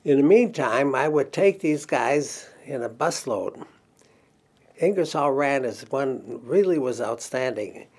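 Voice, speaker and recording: A man's voice: medium pitch, expressive, measured pace, darkish tone. An older man in an oral history interview, telling stories from his career and acting out the dialogue, with the odd chuckle. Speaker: interviewee recalling career as counselor.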